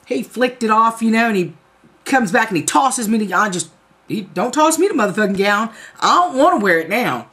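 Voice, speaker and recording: Lively woman telling a comic story. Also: on the high side, brisk. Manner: animated, profane, comic storytelling. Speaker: vlogger. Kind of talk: casual storytelling to camera.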